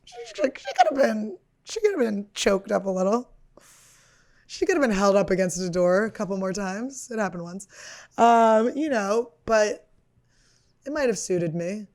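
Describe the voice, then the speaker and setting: This podcast host, a woman comedian in her thirties, rambles through a casual confession full of swearing, self-mockery and filler words. She speaks at normal speed with a medium pitch that swings widely, and her tone is a little mellow.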